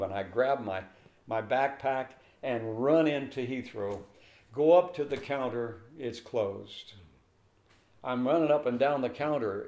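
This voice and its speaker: This is an older man, a pastor, whose medium-pitched voice keeps a measured pace as he relates a story in an interview. He animatedly acts out the voices of the people involved, and the recording has an echoey room sound.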